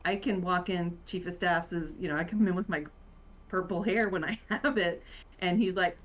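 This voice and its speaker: This podcast guest is an easygoing woman with a Virginia accent, heard on a video call through muffled lo-fi audio. Her voice is fairly low and a bit bright with fairly even intonation. She rambles through casual conversation with many pauses, lots of ums and other fillers, and frequent laughter.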